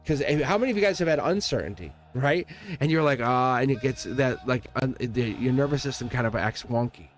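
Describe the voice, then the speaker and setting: A man's voice: mid-range voice, expressive, a little fast, soft background music. A man giving a live tarot reading to viewers, talking in an earnest, rambling way, repeating phrases and correcting himself mid-sentence. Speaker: tarot reader.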